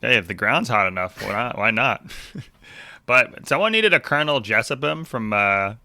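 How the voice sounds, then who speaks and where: A man's voice: mid-range voice, animated, normal speed, pushed and bright, dry recording. A man co-hosting a book club podcast, joking casually and quoting movie lines. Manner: jokey, quotes movie lines. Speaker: podcast co-host.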